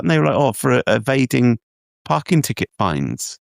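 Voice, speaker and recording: A man's voice: mid-range voice, very animated, normal speed, vocal fry, no room sound, clean studio sound. A man co-hosting a podcast, telling a rambling story in casual chat, laughing often and restarting his sentences. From England. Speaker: podcast co-host.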